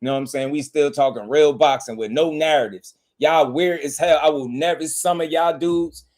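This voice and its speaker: A man's voice: on the high side, moderate pace, a little mellow. A man hosting a boxing channel, ranting in casual commentary with heated, profane emphasis.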